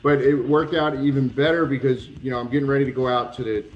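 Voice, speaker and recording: A man's voice: mid-range voice, fast talker. Guy telling wild wrestling stories, kinda dull lo-fi sound, faint music under it. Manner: animated anecdotes, acts out quoted voices, swears. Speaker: retired pro wrestler, guest. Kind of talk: casual storytelling interview.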